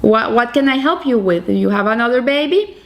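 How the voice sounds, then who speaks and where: A gentle, devout male rabbi answers earnestly and patiently, as a woman voices him in her retelling. The voice stays fairly high. It is a story told within a sermon. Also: animated, a little fast.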